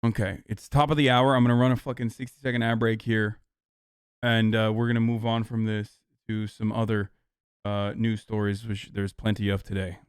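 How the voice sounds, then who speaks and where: A man's voice: on the low side, flat delivery, normal speed, clear, resonant tone, no room sound, studio quality. A man streaming political commentary in a heated, exasperated, profane rant, restarting sentences as he goes.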